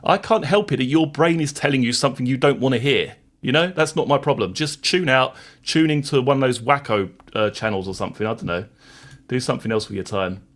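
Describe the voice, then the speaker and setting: A man's voice: medium pitch, brisk, a bit bright. A man hosting a live stream, chatting to viewers and reading court transcripts in a plain voice, wry and sarcastic toward critics.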